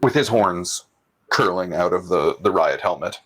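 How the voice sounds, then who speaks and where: A man's voice: deep voice, measured pace, fairly bright tone, breathy edge, low-quality recording. A man narrating a tabletop game as game master, good-naturedly steering the story along.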